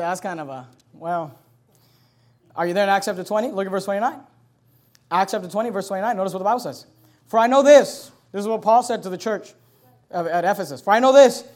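A man preaching as a pastor, forceful and direct, reading scripture loudly and slowly, then rushing through quick asides to the congregation. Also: sits high. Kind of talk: sermon.

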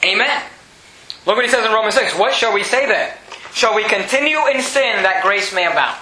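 A man preaching a sermon, reading scripture slowly and swinging from raised, emphatic lines to low, quiet ones. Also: lively intonation, reverberant, poor audio.

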